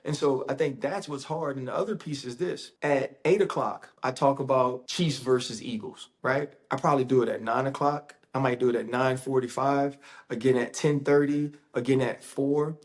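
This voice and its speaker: A man's voice: mid-range voice, steady tone, normal speed. A man, a sports analyst, talking casually and emphatically in an interview, repeating phrases for effect.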